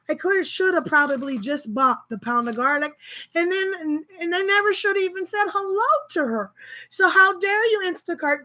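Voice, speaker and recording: A woman grocery shopper telling a story in a casual, animated, exasperated way. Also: very high voice.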